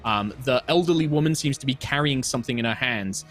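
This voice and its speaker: A man's voice: mid-range voice, fast, fairly bright tone, soft background music. British man narrating a tabletop game. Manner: loose, filler-heavy improvised narration. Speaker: game master.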